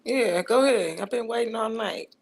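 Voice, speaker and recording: A woman's voice: fairly high pitch, normal speed, gravelly, husky. A woman joining a live tarot stream as a guest, giggling and giving short, easygoing replies.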